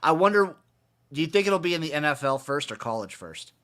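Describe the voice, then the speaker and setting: A man's voice: a little high, sing-song, fairly quick, a bit bright. A man co-hosting a podcast in loose casual chat, joking and asking his partner questions. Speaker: podcast co-host.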